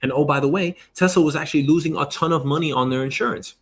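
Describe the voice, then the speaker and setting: A man hosting a show, giving an energetic motivational monologue, emphatic and casually swearing. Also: on the high side, quick pace, creaky, soft background music. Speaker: show host.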